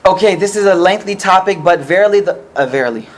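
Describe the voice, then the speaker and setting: A man's voice: sits high, fast. A man teaching an informal religious study class, explaining patiently and checking often that the group follows.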